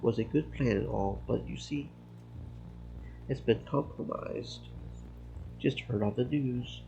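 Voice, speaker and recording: A man voicing a sly, smooth-talking local man who stays calm and wry. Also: mid-range voice, slow pace, dull audio, faint music behind.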